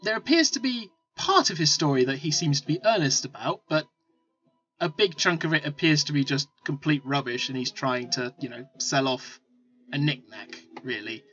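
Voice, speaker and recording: A man's voice: a little high, expressive, normal speed, a bit bright. A man narrating as game master, rambling with many fillers and restarts. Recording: lo-fi with faint music.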